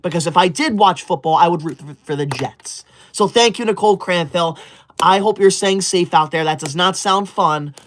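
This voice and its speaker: A man's voice: high-pitched, normal speed, a bit bright. A man doing a prim, scolding livestreamer. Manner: prim, stiffly formal and scolding. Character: touchy, rule-obsessed young male livestreamer. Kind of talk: comedic livestream parody.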